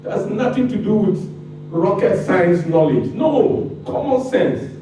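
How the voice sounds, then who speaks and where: A man's voice: sits high, animated, measured pace, dark tone, slight background noise. A man with a Ghanaian accent giving a public lecture, impassioned and firing rhetorical questions at the audience. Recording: very echoey room, mic far off.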